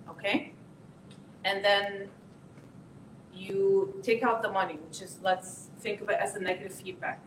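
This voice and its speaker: A woman giving a parenting lesson to an audience. She acts out parents and teenagers and keeps asking "okay?". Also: medium pitch. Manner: lively, acts out parent and teen voices, repeats "okay?". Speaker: parenting workshop speaker. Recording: echoey room, voice from a distance, faint noise.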